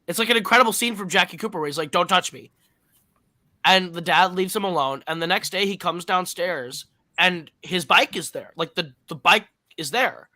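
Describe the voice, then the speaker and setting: A man's voice: on the high side, bright, forceful tone, no echo. A man co-hosting a film podcast, retelling a movie's plot in a rambling way, correcting himself often and using lots of fillers. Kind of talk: casual plot recap and review.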